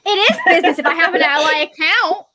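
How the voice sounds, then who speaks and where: A woman chatting on a video call with friends, giggly and animated. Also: extremely high pitch, fast, crowd noise. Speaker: co-host. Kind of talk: casual group chat over video call.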